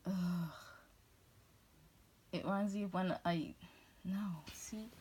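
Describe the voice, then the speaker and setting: A woman's voice: lowish voice, fairly even intonation, slow, darkish tone, breathy edge. A woman from New England rambling through a casual vlog monologue, jumping from tangent to tangent and cutting herself off mid-thought. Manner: rambling, tangential, self-interrupting. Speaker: vlogger.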